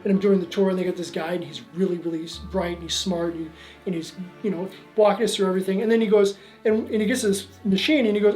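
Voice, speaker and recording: A man's voice: sits high, fast, darkish tone, faint music behind, poor audio. A man casually telling stories as he shows guests around his collection, rambling with lots of fillers and restarts. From Canada. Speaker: museum owner giving a tour. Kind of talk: casual storytelling tour.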